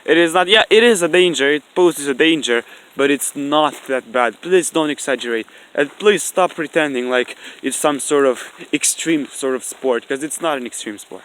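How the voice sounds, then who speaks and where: Bright-voiced man ranting outdoors on camera. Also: fairly high pitch, moderate pace, slight background noise. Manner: argumentative, repeats himself, swears when annoyed. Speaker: vlogger. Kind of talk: rambling outdoor vlog rant. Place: outdoors, in the rain. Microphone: camera mic.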